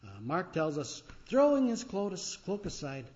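A male pastor preaching with a lively, sweeping pitch that rises into shouts and drops to near murmurs. His voice sits a little high for a man. The recording is dull and lo-fi. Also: measured pace. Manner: dramatic, swings from loud crying out to quiet reflection. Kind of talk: sermon.

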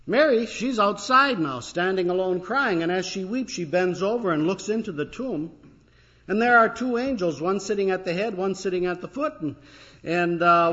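A man's voice: on the high side, a bit bright. Man preaching in a muffled recording. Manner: storytelling, conversational with fillers and pauses. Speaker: pastor. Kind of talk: sermon. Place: church.

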